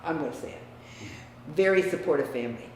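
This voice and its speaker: An older woman from the US Midwest, reminiscing about her family in a frank, emphatic way that often drops quiet. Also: deep voice, expressive, fairly quick. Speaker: interviewee. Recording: echoey room, distant mic, faint hiss.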